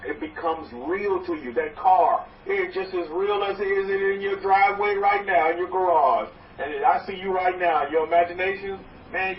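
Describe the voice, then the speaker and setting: A man's voice: high-pitched, slight background noise. A man preaching a sermon as a rabbi, exhorting his listeners and rambling with restarts, often acting out what doubters say. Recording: echoey, distant, muffled room recording.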